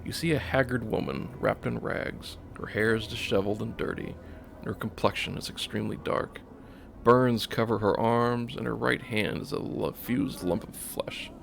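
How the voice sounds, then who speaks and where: A man narrating a game, reading its text aloud in a calm, steady way. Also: lowish voice, normal speed, creaky, a little hiss or hum. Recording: faint music behind.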